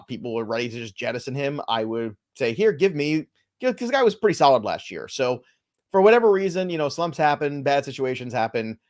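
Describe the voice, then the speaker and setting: A man co-hosting a live fantasy baseball stream, chatting casually and joking between player updates. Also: mid-range voice. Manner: loose, joking banter with quick asides.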